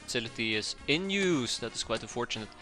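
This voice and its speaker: Guy streaming a strategy game, bright voice, rambly and upbeat, lots of ums, soft music under him. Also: medium pitch, lively intonation, fast. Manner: rambling, upbeat, many fillers and restarts. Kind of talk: casual let's-play commentary.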